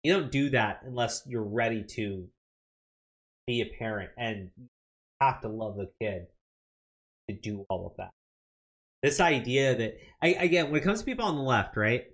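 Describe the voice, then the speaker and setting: A man's voice: medium pitch, expressive, normal speed, fairly bright tone. A man hosting a political commentary show, reacting to clips and news with angry, profanity-laced rants.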